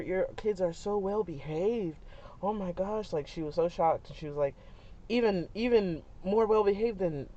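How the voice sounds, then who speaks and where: A young woman, a mother, telling a family story in a chatty, animated way, with many fillers and frequent laughs. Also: sits low. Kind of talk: casual storytelling vlog. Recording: dull lo-fi sound.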